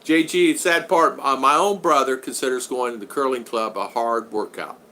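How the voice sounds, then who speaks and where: An American man hosting a casual live stream from his home in the Philippines, rambling and greeting viewers by name with shout-outs. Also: medium pitch, normal speed, a little hiss or hum.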